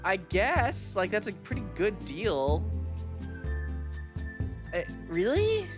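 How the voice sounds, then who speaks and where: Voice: medium pitch, huge pitch swings. Profane, rambling vtuber over music. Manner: rambling, profane, quick reactions with laughter. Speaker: vtuber streamer. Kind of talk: casual live-stream chat. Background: background music.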